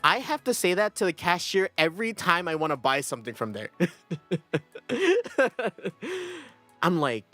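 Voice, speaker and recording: A man's voice: a little high, huge pitch swings, measured pace, pushed and bright, no echo, soft background music. A young man chatting casually on a livestream, rambling and self-deprecating, often breaking into laughter. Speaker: streamer.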